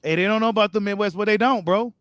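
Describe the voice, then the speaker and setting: A man with a fairly high voice hosts a boxing live stream. He reads viewer comments and answers them in loose, slangy chat. The sound is close and dry, with no room around it. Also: quick pace, fairly bright tone, dry recording. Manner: casual, slangy, talks straight to viewers. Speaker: boxing channel host.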